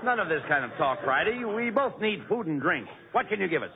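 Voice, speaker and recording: A man performing 1940s radio comedy as a brisk, bossy straight man who keeps giving orders. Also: high-pitched, very animated, soft background music. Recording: tinny old radio broadcast with audience laughter.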